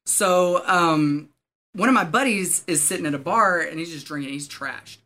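Bright-toned man, casual guest, chatty and rambling, lots of "um" and "like". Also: a little high, moderate pace. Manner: rambling, many fillers and restarts. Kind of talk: casual storytelling.

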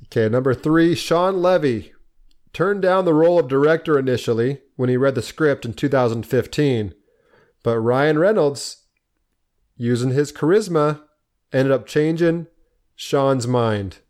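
A man's voice: medium pitch, unhurried, a little mellow. Upbeat man sharing movie facts. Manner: enthusiastic, laughs often. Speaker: podcast co-host. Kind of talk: casual movie chat.

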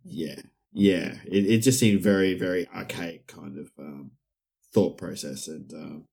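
Deep-voiced man musing hesitantly. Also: unhurried, gravelly, a little mellow, husky. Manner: hesitant, mildly cynical, trailing off. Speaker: podcast co-host. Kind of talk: casual chat.

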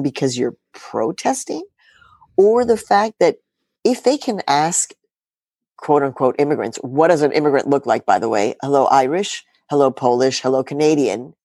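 A woman's voice: low-pitched, lively intonation, normal speed, mellow, no room sound, clean studio sound. A middle-aged woman journalist in an interview, talking emphatically and firing rhetorical questions with sarcastic asides. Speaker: journalist guest. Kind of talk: animated political interview talk.

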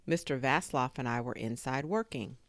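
Very low-voiced woman reading a kids' story. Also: normal speed, dry recording. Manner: expressive, with sound effects. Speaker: story reader. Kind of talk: children's book read-aloud.

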